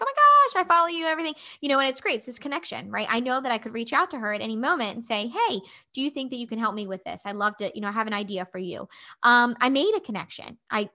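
A chatty woman in her thirties hosts her own podcast and tells a story off the cuff. Her voice sits a little high and rings bright and forceful. She fills her talk with "like" and "you know" and keeps it animated. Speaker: podcast host. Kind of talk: casual storytelling monologue.

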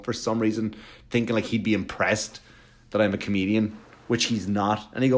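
A man doing stand-up, telling a long story in a quick, animated, profane way. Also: lowish voice. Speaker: stand-up comedian.

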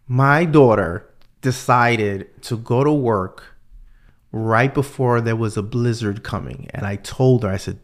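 Lowish-voiced man telling stories animatedly. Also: measured pace. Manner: animated storyteller, repeats words. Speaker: podcast host. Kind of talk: casual conversation.

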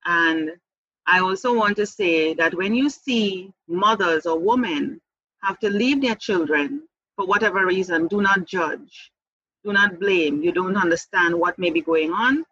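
A woman tells her own story with earnest, halting candor, circling back and repeating words as she works through her thoughts. Her voice is bright and slightly husky, and the sound is muffled, as if from a lo-fi recording. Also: on the low side, no room sound. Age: adult mother. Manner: earnest, repeats words, restarts, laughs lightly. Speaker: interview guest. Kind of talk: candid personal testimony.

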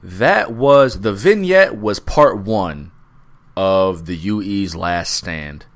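This is a man co-hosting a podcast, chatting about wrestling in a loose, profane way. His voice sits low, but it swings up and down a lot. He takes his time with every sentence. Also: animated. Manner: laid-back, profane, drawn-out recaps. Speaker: podcast co-host. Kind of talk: casual wrestling chat.

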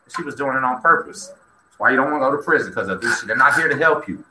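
A man from Texas hosting a casual show, telling a story in an animated way and acting out the quoted dialogue. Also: medium pitch, quick pace. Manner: animated, acts out quoted dialogue, talks to chat. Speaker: host. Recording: echoey room with faint noise.

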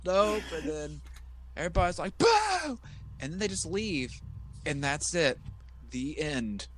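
A man's voice: a little high, normal speed, fairly bright tone, a little hiss or hum. A man co-hosting a casual wrestling podcast, retelling a show and mimicking the people in it with silly voices. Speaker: podcast co-host. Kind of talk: casual wrestling recap chat.

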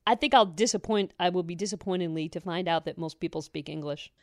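A woman's voice: fairly low pitch, fast talker, no echo, clean studio sound. A woman co-hosting a radio show in casual chat, chatty and self-mocking, laughing often. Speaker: radio co-host.

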